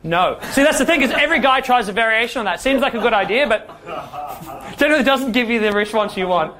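A man's voice: very high-pitched, lively intonation, quick pace, pushed and bright. A man teaching a dating workshop, talking straight to the room and often checking in with "yeah?". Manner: direct, asks the room questions, ends points with "yeah?". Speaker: dating coach. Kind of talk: workshop talk to a class.

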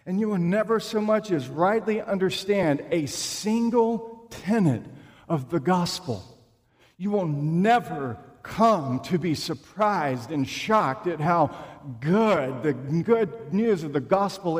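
A man preaching a sermon in a church, slow and emphatic, with dramatic pauses. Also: a little high, darkish tone. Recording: long reverb of a large room.

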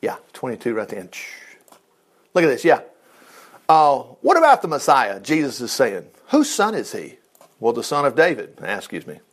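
A man preaching a sermon, reading scripture aloud and breaking in with animated, jokey asides. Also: mid-range voice, normal speed.

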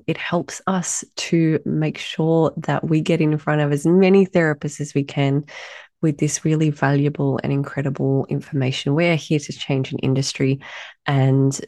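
A woman hosting her own podcast alone, her voice low and husky with a gravelly edge, hoarse after being ill. She talks in a warm, mellow tone, gushing and chatty, and the sound is dry and close. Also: no room sound. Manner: enthusiastic, effusive, chatty. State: hoarse from recent illness. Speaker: podcast host. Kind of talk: solo podcast monologue.

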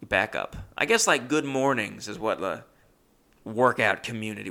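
Young male comedian, gravelly and bright, rambling self-deprecating storyteller. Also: medium pitch. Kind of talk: comic storytelling.

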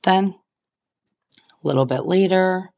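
Speaking slowly, a young woman on her podcast shares a comic personal anecdote, mocking herself with theatrical asides. Her voice is fairly low, creaky, and dark in tone.

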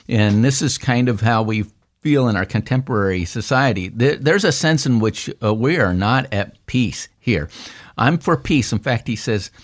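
A man, a pastor, talking through a psalm in a casual discussion, with many restarts and fillers that lift into animated quotes. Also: medium pitch, normal speed.

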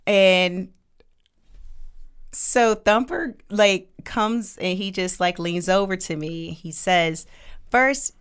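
Woman telling a story on a podcast, lively, laughing, acting out the lines. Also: medium pitch, slow pace, smooth. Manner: animated, laughing, acts out quoted lines. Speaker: podcast co-host. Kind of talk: casual storytelling chat.

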